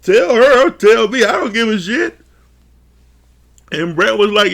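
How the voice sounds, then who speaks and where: Gravelly, laughing reality show reviewer man. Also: sits high, unhurried, long pauses. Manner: laughs often, swears freely, animated retellings. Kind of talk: casual profane commentary.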